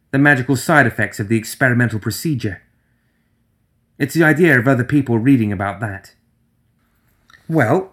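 A man doing a mousy, eager young woman. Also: close to an everyday voice. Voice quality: mouse-like, high voice. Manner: eager, nervous rambling. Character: chatty, fidgety young woman writer.

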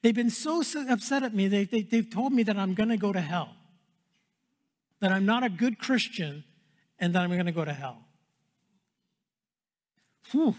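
A male pastor preaching a sermon in an earnest way, repeating phrases and dropping to a hush for emphasis. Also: sits high, animated, moderate pace, pauses often. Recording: long hall reverb.

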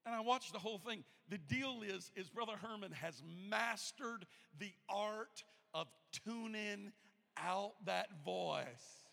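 A man preaching in a church sanctuary, his voice very high and gravelly with a bright, tense edge. He swings from hushed storytelling to loud, shouted appeals. A long reverb from the hall trails every phrase. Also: takes it slowly. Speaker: pastor. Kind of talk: sermon.

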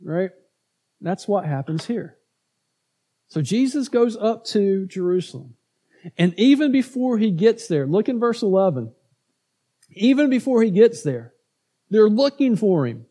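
A man's voice: high-pitched, expressive, moderate pace, mellow. A man preaching a conversational sermon, asking his congregation questions and acting out grumbling crowds. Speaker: pastor.

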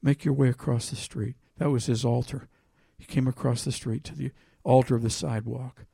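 A man preaching a sermon, reading scripture aloud with loud emphasis and telling a personal story in a quieter voice. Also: medium pitch, steady tone, moderate pace, vocal fry, husky, dry recording, studio quality.

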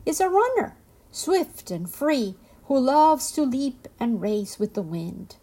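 A woman voicing an eager antelope in a storybook reading, raising her voice high and excited. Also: slow, heavily acted. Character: swift, eager young antelope.

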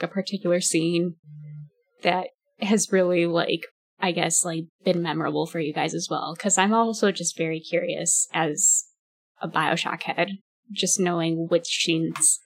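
A woman moderating a casual chat among friends, steering the group toward wrap-up questions. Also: lowish voice.

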